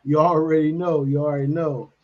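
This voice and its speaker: Fairly high-pitched and brisk with a flat delivery, this man hosts a casual morning radio talk show. He's laid-back, keeps saying "you know what I'm saying", and the stream audio is dull and lo-fi.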